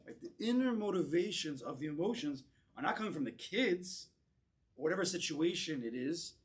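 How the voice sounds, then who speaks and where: Brief: man, rabbi giving a class, lively, higher than average pitch, repeats words as he restarts. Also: fairly quick. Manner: animated, acts out voices in quoted lines, repeats words as he restarts. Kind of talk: lecture with audience discussion. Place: synagogue.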